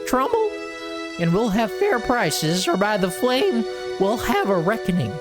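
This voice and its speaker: Brief: a high, wildly swooping rabble-rouser, threatening, game audio under loud music. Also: male voice, huge pitch swings, unhurried, exaggerated voice. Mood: defiant, threatening. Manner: shouting defiance. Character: angry male villager agitator, loud and threatening. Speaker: game voice actor.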